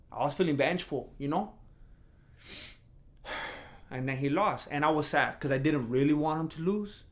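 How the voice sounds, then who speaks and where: A man hosting a casual solo podcast, rambling and animated, who mocks imagined critics in a higher voice. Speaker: podcast host.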